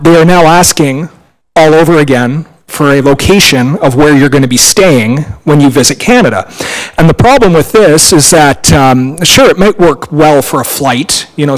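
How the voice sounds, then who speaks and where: A man's voice: fairly high pitch, low-quality recording. A man speaking as a town councillor at a council meeting, angry and impassioned, his voice raised.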